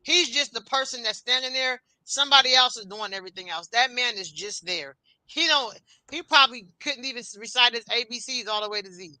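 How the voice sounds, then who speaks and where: A woman co-hosting a podcast in casual chat, frank and mocking in an animated way. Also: fairly high pitch, fairly quick, dry recording, rough recording. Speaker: podcast co-host.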